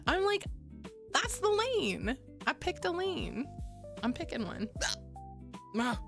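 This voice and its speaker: A young adult woman streaming and chatting casually with her viewers, bubbly, laughing often and swearing casually. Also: fairly high pitch. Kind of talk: casual chat with live chat.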